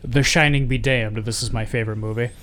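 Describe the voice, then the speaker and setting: A man with an average-pitched voice talks about a film he adores. He stumbles and restarts as he explains, earnest and a little emotional. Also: steady tone, fairly bright tone, a little hiss or hum. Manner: halting, earnest, many restarts. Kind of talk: casual movie discussion.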